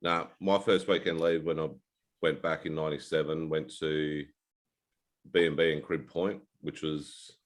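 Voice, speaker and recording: A man's voice: extremely low pitch, level tone, measured pace. A middle-aged Australian man hosting a casual chat, telling blunt, rambling stories and swearing freely. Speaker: podcast host, ex-Navy.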